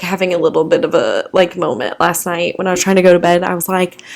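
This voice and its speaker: Chatty young woman swearing through a story. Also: mid-range voice. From American Midwest. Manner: chatty, laughs often, many "like" fillers, swears freely. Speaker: podcast co-host. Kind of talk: casual chat, storytelling.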